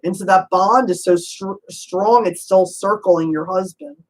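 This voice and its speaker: A chatty woman giving a casual spirit reading, her voice sitting at a middle pitch for a woman. She fires off quick probing questions, laughs easily, and drops in endearments like honey and hon. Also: rough recording. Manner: chatty, warm endearments, frequent "you know". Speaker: psychic medium.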